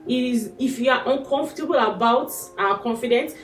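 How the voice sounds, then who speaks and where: A fairly high-voiced Nigerian woman arguing her points on a podcast, emphatic and full of rhetorical questions. She sounds distant from the mic, in an echoey room with faint music behind her. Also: brisk. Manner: emphatic, questioning, repeats "do you understand". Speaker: podcast co-host. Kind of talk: casual podcast chat.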